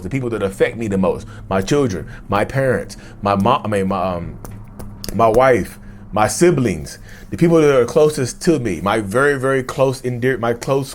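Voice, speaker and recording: A man hosting a mental health vlog, talking loosely to his viewers, repeating and restarting phrases and calling them y'all. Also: mid-range voice. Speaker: mental health vlogger and host. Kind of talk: casual direct-to-camera monologue.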